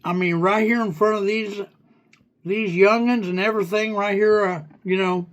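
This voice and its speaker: A man's voice: high voice, steady tone, normal speed, highs cut off, voice pushed up, natural voice. A man voicing a folksy, flirty hillbilly who makes up words, with a put-on Southern hillbilly accent, bantering on a livestream. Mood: folksy teasing. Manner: drawling, rambling, coins fake words.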